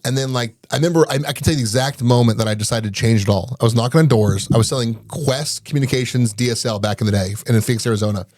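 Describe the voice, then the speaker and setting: Fast-talking man telling animated stories. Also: mid-range voice, no room sound, clean studio sound. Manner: fast, animated, acts out quoted dialogue. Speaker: guest, business owner. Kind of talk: casual storytelling in an interview.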